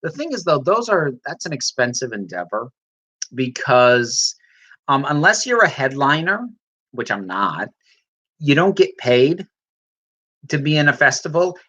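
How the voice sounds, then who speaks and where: Trans woman host, chatty and rambling, lively bright voice, lo-fi stream sound. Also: deep voice, breathy edge. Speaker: livestream host reading chat. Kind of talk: casual chat.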